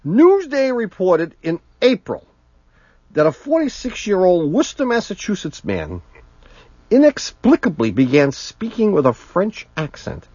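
A man's voice: sits high, wildly swooping pitch, a little slow, a little mellow, husky, no echo. A man co-hosting a radio show, bantering and reading listener mail, often breaking into giggling laughter. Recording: dull lo-fi radio broadcast.

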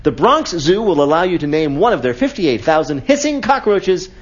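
Lively joking quiz show host. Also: male voice, sits high, normal speed, muffled recording, background noise. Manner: jokey, mock voices for laughs. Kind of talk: live radio comedy quiz hosting. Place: auditorium with live audience.

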